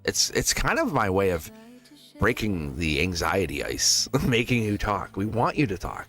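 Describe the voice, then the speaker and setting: Guy rambling on his live tarot stream, kinda low voice but bouncy and animated, keeps chuckling. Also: measured pace. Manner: chatty, rambling, chuckles between sentences; slips into playful put-on voices when quoting people. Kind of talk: casual live-stream chat.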